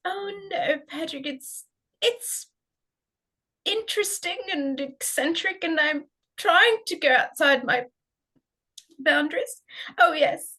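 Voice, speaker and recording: Aussie woman doing a high-voiced prim lady on a date, gushing about manners, improv scene. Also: takes it slowly, long pauses, pushed and bright, exaggerated voice. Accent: Australian. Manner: genteel, gushing over old-fashioned manners. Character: old-fashioned lady on a dinner date. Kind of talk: improvised stage comedy.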